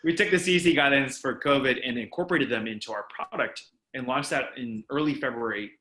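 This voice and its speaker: A man in his thirties, a company founder, explaining his product quickly and fluently in a video call interview with frequent restarts. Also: medium pitch, pushed and bright, roomy sound. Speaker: startup founder and CEO.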